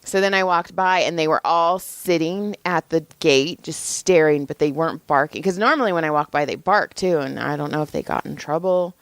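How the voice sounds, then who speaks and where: A woman in casual podcast chat, telling a story with a lot of energy and acting out the people in it. Her voice sits on the low side. The sound is dry and close to the mic. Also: moderate pace, hardly any pauses, dry recording. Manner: animated storytelling, acting out quoted voices, frequent swearing. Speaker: podcast co-host.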